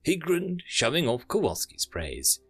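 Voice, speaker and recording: A man narrating an audiobook in an expressive reading style. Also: on the high side, a little slow, creaky, breathy edge, no room sound. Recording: dry close mic with faint music.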